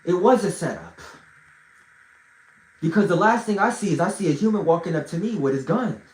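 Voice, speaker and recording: A man livestreaming from a phone, telling a story in an animated, profane way with bursts of shouting. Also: high voice, a little fast, echoey room, poor audio. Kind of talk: storytelling monologue.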